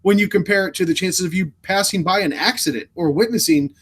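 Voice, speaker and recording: An American man co-hosting a live stream, talking in a relaxed, rambling way with a lot of ums. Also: high voice, fast talker, music in the background. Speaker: podcast co-host. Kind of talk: casual live-stream chat.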